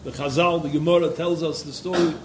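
A man's voice: fairly high pitch, fairly even intonation, brisk, background noise. A man giving an impassioned Torah lecture to yeshiva students, repeating phrases for emphasis. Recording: echoey room.

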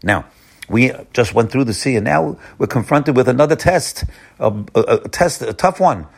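A man giving an informal Torah lesson as a rabbi, repeating words often, rising for emphasis and then dropping low. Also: animated, moderate pace, gravelly, breathy edge.

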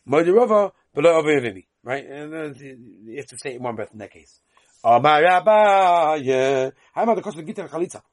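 Husky man chanting a Talmud lesson. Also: a little high, a little mellow, no echo, studio quality. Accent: Yiddish-inflected Yeshivish English. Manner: sing-song chant alternating with quick explanation. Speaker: Talmud teacher.

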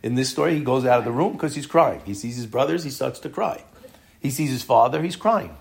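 A man's voice: medium pitch, expressive, a little fast, vocal fry. Earnest man teaching a Torah class. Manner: explains with rhetorical questions.

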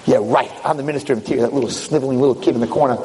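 A man's voice: mid-range voice, racing, mellow. A man giving a storytelling sermon, acting out the characters of his tale in shifting voices. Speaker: rabbi giving a lecture. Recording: hall reverb.

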